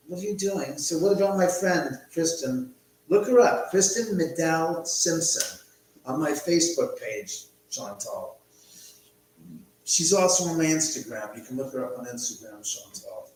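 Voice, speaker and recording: A man's voice: a little high, animated, unhurried, darkish tone, a little hiss or hum. A man hosting a casual live stream from his house, rambling and swearing freely. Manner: rambling, profane, chatty. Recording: echoey room, distant mic.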